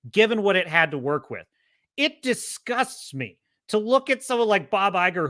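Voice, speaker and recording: Casting: impassioned male podcast host, bright tense tone, a bit high. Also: dry recording, clean studio sound. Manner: impassioned, profane ranting. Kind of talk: casual movie commentary.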